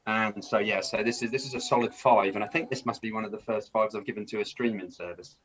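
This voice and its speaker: A man co-hosting a casual podcast chat, talking in a relaxed, slightly hesitant way. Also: on the low side, fast talker, muffled recording. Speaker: podcast co-host.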